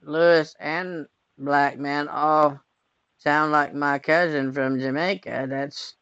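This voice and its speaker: A man's voice: on the high side, steady tone, slow, a bit bright, smooth, no room sound. A man posing as a grown son on a prank phone call, speaking in a naive, whiny, mock-innocent way.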